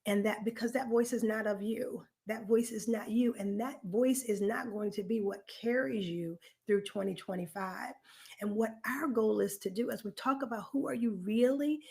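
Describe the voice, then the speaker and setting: A woman's voice: medium pitch, normal speed, gravelly, darkish tone. Earnest woman leading a live workshop. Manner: earnest, encouraging, addressing participants directly; emphatic, repeats key phrases. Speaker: workshop host. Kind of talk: live online self-reflection workshop.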